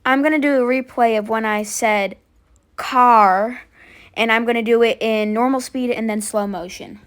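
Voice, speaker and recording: A high-pitched American woman talks into a handheld camera at an outdoor car show. She rambles in a loose, chatty vlog style and leans on "like" as she goes. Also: normal speed. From United States. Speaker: car vlogger. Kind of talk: casual vlog commentary.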